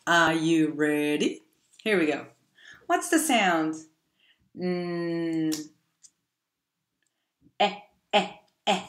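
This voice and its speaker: A woman teaching young children phonics, stretching each letter sound very slowly. She speaks in a gentle storytelling way, and her voice echoes in a roomy space. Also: low voice, sing-song. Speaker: preschool teacher.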